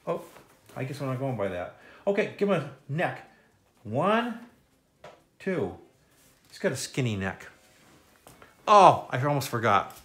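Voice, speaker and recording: A man's voice: medium pitch, sing-song, a little slow, long pauses, a bit bright. Goofy guy walking kids through a drawing, super bouncy voice, makes silly noises. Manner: playful, jokey, makes silly sound effects. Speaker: children's drawing instructor. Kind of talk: kids' step-by-step drawing lesson.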